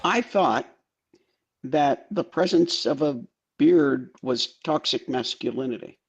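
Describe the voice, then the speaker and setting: A man's voice: medium pitch, slow, vocal fry, husky. A man co-hosting a casual political chat, blunt and repeating himself for emphasis, on dull lo-fi audio. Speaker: co-host.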